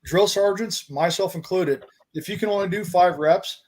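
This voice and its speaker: Man, podcast host, blunt and profane, a bit higher-pitched. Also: moderate pace, darkish tone. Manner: blunt, profane, explains army terms. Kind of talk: casual chat.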